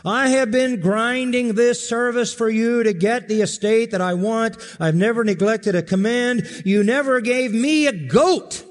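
A man's voice: very high voice, unhurried, hardly any pauses, in a large hall, pitched above the performer's own voice. A man voicing a resentful, bitter young man complaining to his father, as quoted in a sermon. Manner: bitter, indignant.

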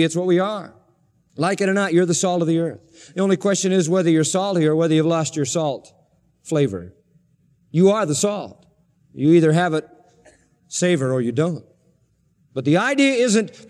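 A male pastor preaching in a high, ringing voice, hammering each point home through repetition. His words trail off into a long, echoing reverb, the way a sanctuary sounds. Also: a little mellow. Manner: emphatic, repeats phrases for stress. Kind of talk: sermon.

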